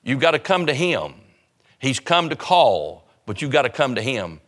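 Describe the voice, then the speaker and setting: A man's voice: mid-range voice, very animated, normal speed, a bit bright. A man preaching an evangelistic sermon, urgent and fervent, hammering home repeated phrases.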